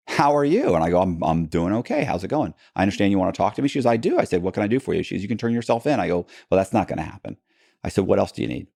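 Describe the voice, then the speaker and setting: Low, gravelly man telling a story. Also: warm tone, no echo, studio quality. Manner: rambling, many restarts and asides, acts out quoted people. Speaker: podcast guest. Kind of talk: casual storytelling in a long-form interview.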